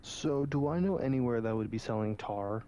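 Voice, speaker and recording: A man's voice: mid-range voice, lively intonation, moderate pace, warm tone, a little hiss or hum. A man taking part as a player in a tabletop game, talking casually and laid-back.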